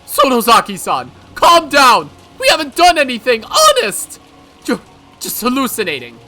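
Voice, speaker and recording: Man doing panicked staff shouting orders. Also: extremely high pitch, huge pitch swings, normal speed, voice pushed up, exaggerated voice. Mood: urgent shouting. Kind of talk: visual novel voice acting.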